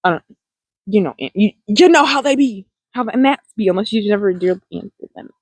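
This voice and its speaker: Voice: medium pitch, expressive, a little fast, no room sound, poor audio. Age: unclear. Style: casual talk to camera. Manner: rambling, laughing. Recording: dry, close. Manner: rambling, laughing, lots of fillers. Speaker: self-help video host.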